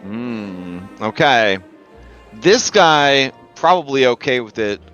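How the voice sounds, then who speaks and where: A man's voice: medium pitch, big pitch swings, slow, fairly bright tone, dull audio, soft background music. A man narrating as game master of a tabletop game, loose and chatty with lots of ums and frequent laughs.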